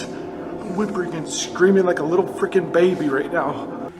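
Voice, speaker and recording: A man's voice: high-pitched, steady tone, normal speed. A man exploring an abandoned building as a paranormal investigator, blurting panicked, repeated exclamations. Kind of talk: live exclamations while exploring. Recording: echoey room, noisy handheld camera audio.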